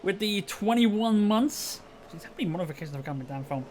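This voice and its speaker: Chatting on a live stream in the small hours, this tired Northern Irish man rambles, mocks himself, and keeps chuckling. His voice runs a little high for a man and is animated, fast, and slightly mellow, with a faint hiss of noise behind it.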